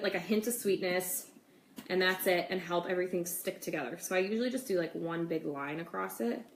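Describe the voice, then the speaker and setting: A young woman hosting a casual cooking demo in her home kitchen, chatting with viewers and saying "like" and "okay" a lot. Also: medium pitch. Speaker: cooking show host. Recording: echoey kitchen with faint noise.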